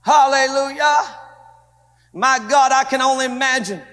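High-voiced pastor preaching fervently. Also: male voice, a little slow, fairly bright tone. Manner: fervent preaching, repeats phrases, quotes others in dialogue. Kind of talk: sermon. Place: church sanctuary. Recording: echoey church hall.

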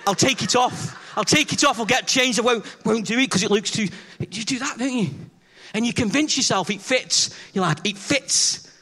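A man's voice: very high-pitched, moderate pace, sharp tone, husky. A man preaching a chatty, humorous sermon in church, telling self-deprecating stories and acting out the dialogue as he questions the congregation.

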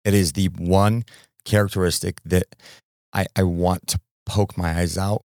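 Middle-aged male host, lowish voice, chatty and rambling, dry close mic. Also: moderate pace, no room sound. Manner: animated storyteller with fillers and repetitions. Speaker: podcast host. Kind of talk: casual interview conversation.

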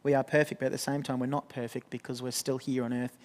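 A man's voice: medium pitch, flat delivery, quick pace, darkish tone. A young man giving a sermon in an earnest, conversational way, often restarting his sentences. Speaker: pastor.

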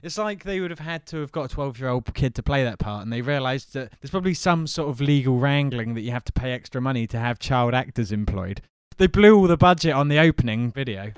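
A man's voice: medium pitch, expressive, fast, hardly any pauses, smooth, no room sound, studio quality. A man co-hosting a podcast, chatting casually and joking. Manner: joking, riffing on wrestling promos. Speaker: podcast co-host. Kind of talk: casual chat.

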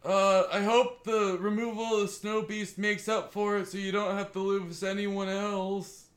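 A man's voice: high voice, little pitch movement, unhurried. A man playing a tabletop role-playing game, talking casually and hesitantly, often correcting himself. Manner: hesitant, rambling, self-correcting. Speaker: player.

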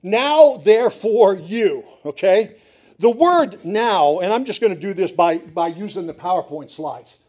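High-voiced pastor preaching earnestly. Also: male voice, lively intonation, normal speed. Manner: earnest, pleading, with emphatic repetitions. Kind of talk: sermon. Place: church.

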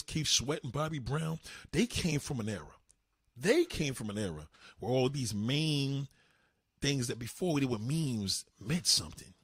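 Husky dude ranting on his stream, cussing a lot, voice jumping all over the place. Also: on the high side, no echo, studio quality. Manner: profane, animated, swinging delivery. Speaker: livestream host. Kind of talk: ranting comedic commentary.

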